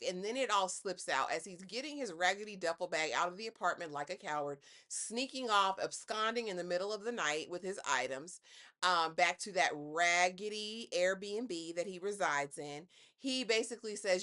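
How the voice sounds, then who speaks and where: A woman recaps a reality show in casual vlog commentary. She talks with sass and drama, landing pointed rhetorical jabs. Her voice is bright and forward. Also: on the low side, animated, normal speed.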